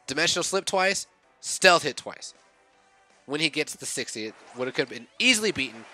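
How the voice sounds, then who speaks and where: Excitable young man narrating his game. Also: a little high, a little fast, soft background music. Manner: excitable, reliving his own reactions; thinks aloud, corrects himself. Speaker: gaming YouTuber. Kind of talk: casual game commentary voice-over.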